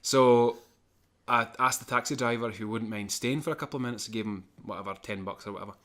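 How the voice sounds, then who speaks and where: A man's voice: medium pitch, quick pace. Man telling a story in casual chat. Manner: animated anecdote-telling, chuckling between lines. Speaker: podcast co-host.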